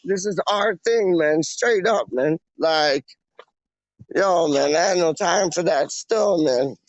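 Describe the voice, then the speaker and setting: A young man livestreaming, rambling in slangy casual chat and tacking "man" and "dog" onto his lines, with a gravelly voice. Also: fairly high pitch, takes it slowly, no room sound. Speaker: streamer.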